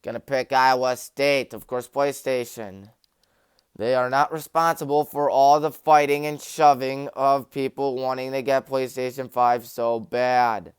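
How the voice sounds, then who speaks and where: A man's voice: medium pitch, flat delivery, measured pace, clear, resonant tone, no room sound, studio quality. A young man hosting a sports talk show, rattling off game picks with jokey, rambling asides. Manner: jokey, rambling, self-mocking. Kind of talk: rapid-fire game picks with joking asides. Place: small community TV studio.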